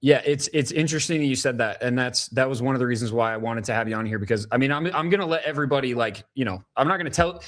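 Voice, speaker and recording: A man's voice: mid-range voice, rapid-fire, hardly any pauses, a bit bright. A man hosting an interview show, speaking earnestly and emphatically with stumbling restarts. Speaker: podcast host. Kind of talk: casual interview.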